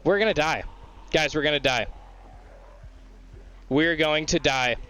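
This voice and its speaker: A young man giving live gameplay commentary, excitable, swearing often and shouting at the game. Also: on the high side, a little slow. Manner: mocking sing-song voice when quoting the game. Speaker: gaming streamer.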